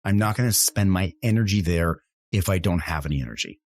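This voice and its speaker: A man's voice: sits low, animated, fairly quick. A man, co-hosting a casual business podcast and acting out his customer calls as he tells stories. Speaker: sign company salesman, co-host.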